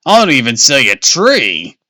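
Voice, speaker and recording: A sour, short-tempered dad from a spooky children's storybook, as a man reads him aloud, snapping and grumbling gloomily. He talks a bit lower and slower than the narration, and the voice is dry and close. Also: pushed and bright, clean tone, dry recording. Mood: grumpy. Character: grumpy frustrated father lost while driving.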